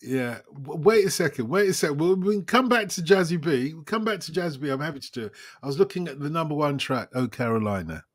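A man's voice: a little high, fast, hardly any pauses, dry recording, studio quality. A man hosting a casual podcast chat, telling rambling anecdotes and acting out quotes. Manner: rambling anecdotal storyteller, quotes people in lively voices. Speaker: podcast host.

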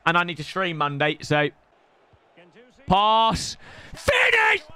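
Young man, video game streamer, live gameplay commentary, excitable, shouty outbursts, high voice, bright tone. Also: slow, clean tone. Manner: excitable, bursts into shouts, teasing banter.

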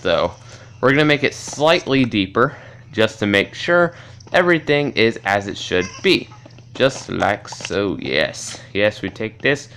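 Young gamer guy narrating his game, bright voice, chatty, gets super hyped and yells. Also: medium pitch, clear, resonant tone. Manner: excitable, chatty, bursts into loud shouts. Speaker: gaming YouTuber. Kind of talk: game commentary.

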